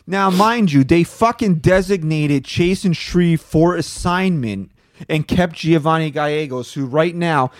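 A man's voice: on the high side, measured pace, no room sound, clean studio sound. A man co-hosting a sports podcast, ranting in casual, profane chat about his team's players. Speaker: podcast co-host.

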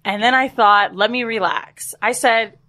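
Woman podcast co-host, bright and high voice, profane, animated storyteller. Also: unhurried. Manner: animated, profane, laughs while telling. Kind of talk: casual storytelling chat.

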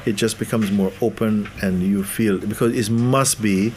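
A man's voice: fairly low pitch, fairly even intonation, moderate pace, darkish tone, slight background noise. A man giving a spiritual talk to an audience, laughing often and acting out the voices of the people he quotes. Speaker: spiritual teacher.

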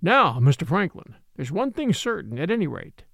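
A man's voice: a little high, big pitch swings, moderate pace, vocal fry, a bit bright, no echo, clean studio sound, heavily acted. A man voicing a loyal elderly male house steward, speaking earnestly and confidentially. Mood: scornful. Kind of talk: audiobook character reading.

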